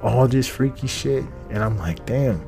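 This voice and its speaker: A man's voice: low voice, measured pace, mellow, faint music behind. A man hosting a podcast in a casual comedic monologue, profane and rambling, repeating his phrases. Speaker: podcast host.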